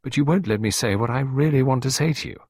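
A man's voice: mid-range voice, fast, a little mellow, slightly rough, no echo, studio quality, voice pushed up. Man doing an eager, lovesick young man. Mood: pleading. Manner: eager, pleading, petulant.

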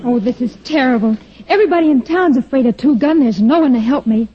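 An actress playing a flustered, fretful frontier schoolteacher in an old radio comedy, on a lo-fi recording. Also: female voice, high-pitched, quick pace, breathy edge. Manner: breathless, fluttery. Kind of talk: 1940s radio comedy acting.

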